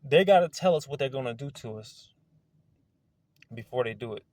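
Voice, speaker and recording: A man in a casual, rambling monologue outdoors, excitable and wandering, swearing now and then. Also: mid-range voice, normal speed, no room sound. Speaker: video creator. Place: outdoors among trees.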